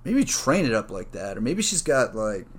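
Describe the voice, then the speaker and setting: A man hosting a solo podcast, rambling casually and thinking out loud, with plenty of swearing and filler words. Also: medium pitch, very animated, normal speed. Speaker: podcast host.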